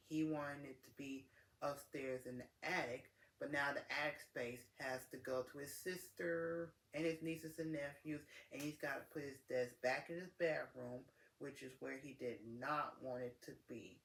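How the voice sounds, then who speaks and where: A man's voice: medium pitch, fairly even intonation, moderate pace, gravelly, fairly bright tone, a little hiss or hum. A young man telling a story in a casual, exasperated rant, repeating words for emphasis. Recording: echoey room.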